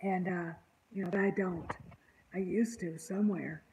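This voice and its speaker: A woman's voice: fairly low pitch, steady tone, normal speed, darkish tone, slight background noise, rough recording. A woman hosting an online channel, rambling in casual panel chat with an exasperated, indignant tone.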